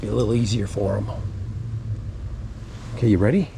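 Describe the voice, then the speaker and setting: Guy with a lowish voice rambling and cussing through a bike fix, a bit of hiss behind him. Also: normal speed, gravelly, mellow, low-quality recording. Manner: rambling, muttering to himself, swears casually. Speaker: vlogger. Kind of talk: casual how-to vlog.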